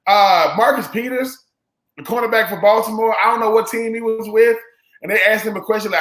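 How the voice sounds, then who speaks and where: A man's voice: high voice, quick pace, fairly bright tone. A man hosting casual sports talk, rambling and acting out quotes in put-on voices. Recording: roomy echo.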